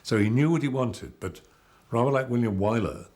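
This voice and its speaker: An older male actor being interviewed, telling measured, rambling anecdotes about his career. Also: mid-range voice, darkish tone. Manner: measured, anecdotal storytelling with digressions. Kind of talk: reminiscing interview.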